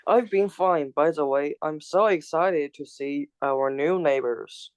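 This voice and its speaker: A man's voice: on the high side, smooth, dry recording. A man studying English, reading a practice dialogue aloud and stumbling over words with fillers. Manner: hesitant, halting with fillers. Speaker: English student.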